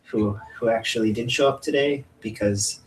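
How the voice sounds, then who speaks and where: A man with a mid-range voice chats in a relaxed, encouraging way as a stand-in podcast co-host. He talks while drawing, with faint noise in the background. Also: mid-range voice, moderate pace, rough recording. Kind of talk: casual chat while drawing.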